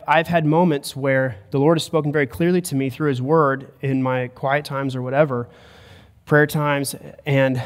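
A man preaching a sermon as a pastor, earnest and building to emphatic points. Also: medium pitch. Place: church sanctuary. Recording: long church hall reverb.

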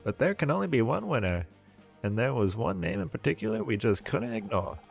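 A man putting on a vain old TV showman, lifted higher than his own gravelly voice. He hosts with a smarmy, pompous patter. Faint game music plays under him. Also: sing-song, fairly quick. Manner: showbiz compere patter, pompous. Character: smarmy aging male TV host, vain and self-pitying.

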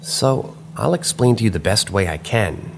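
A man narrating true paranormal stories in a measured, dramatic way, drawing out key phrases slowly. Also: lowish voice, animated, gravelly, a little hiss or hum. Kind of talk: scripted narration.

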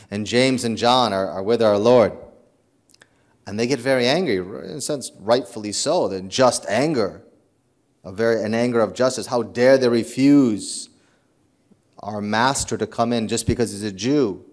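A man's voice: fairly low pitch, normal speed. A man, a priest, preaching a sermon in an earnest, storytelling way, with frequent restarts and repeated words. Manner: earnest, animated storytelling with acted quotes.

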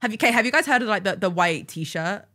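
A young woman in easy, giggly conversation, her voice sitting at an ordinary middle pitch. She talks in quick bursts with lots of asides and laughter, relaxed and unscripted. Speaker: podcast guest. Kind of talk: casual chat.

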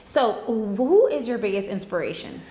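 A woman interviewer firing quick questions in a light, friendly manner. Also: medium pitch, sing-song, dark tone, reverberant. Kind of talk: rapid-fire interview questions.

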